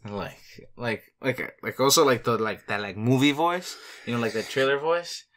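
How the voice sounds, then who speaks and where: A man's voice: mid-range voice, lively intonation, normal speed, a bit bright. A young man co-hosting a podcast in casual chat, playful and giggly, jumping from idea to idea. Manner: playful, giggly, jumps between ideas. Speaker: podcast co-host.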